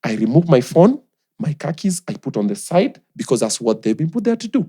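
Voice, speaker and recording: A man's voice: a little high, big pitch swings, fairly quick, warm tone, slightly rough. A young man with a Kenyan accent, chatting animatedly as a podcast guest and mixing in Swahili slang. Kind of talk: casual chat.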